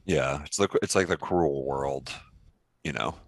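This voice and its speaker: A man with a low, gravelly voice, co-hosting a podcast in a relaxed, agreeable way. He drops easygoing asides into the conversation. He is recorded close in a very dry space. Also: unhurried, no room sound. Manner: laid-back, agreeable, chuckling asides. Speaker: podcast co-host. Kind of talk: casual movie chat.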